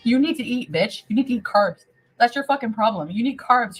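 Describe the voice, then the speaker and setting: A drunk woman from Canada rants profanely into a livestream, her words slurring together. Her voice sits a little high. Faint music plays behind her. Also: lively intonation, a little fast, husky, rough recording.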